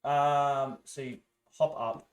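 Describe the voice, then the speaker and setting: A man with an Australian accent narrating a tabletop game as game master in a relaxed, rambling way, often laughing. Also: medium pitch, slow, clean tone.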